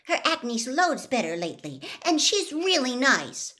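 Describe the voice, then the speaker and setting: A woman voicing an indignant, clever teenage schoolgirl in a storybook reading, high and sharp. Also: big pitch swings, unhurried, heavily acted.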